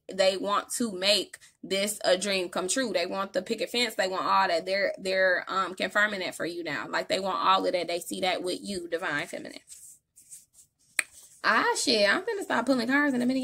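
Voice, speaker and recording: Gravelly, bright-voiced woman reading tarot. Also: mid-range voice. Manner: profane, slangy, emphatic. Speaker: tarot reader.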